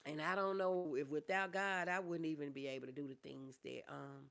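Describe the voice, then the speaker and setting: A woman's voice: deep voice, fairly even intonation, fairly quick, vocal fry. Middle-aged woman livestreaming, chatting with viewers. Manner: reads viewer comments aloud and answers them warmly; calls listeners honey and y'all. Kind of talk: casual livestream chat.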